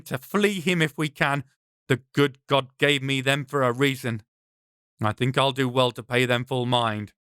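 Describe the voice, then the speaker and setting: A man's voice: mid-range voice, bright, forceful tone, no echo, clean studio sound. A man, the author, reading his own novel aloud in dramatic, tense first-person audiobook narration.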